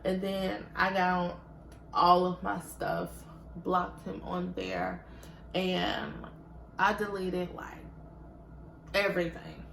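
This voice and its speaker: Young woman vlogger, unhurried animated storytelling, roomy echo. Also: on the low side, creaky, slight background noise. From Georgia, US. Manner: animated, swings loud when quoting herself. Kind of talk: storytime chat.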